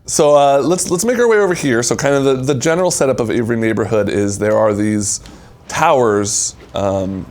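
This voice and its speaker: A man's voice: mid-range voice, normal speed, a little mellow. A man hosting a video game showcase, casually commenting and explaining as he plays, eager to show things off. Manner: eager, explaining while playing. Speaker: host demonstrating a video game.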